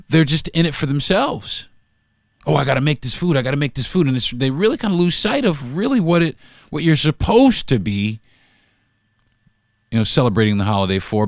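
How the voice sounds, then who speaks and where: A man's voice: fairly high pitch, no room sound, clean studio sound. A man hosting a solo podcast, talking in an emphatic, repetitive, profane rant. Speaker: podcast host.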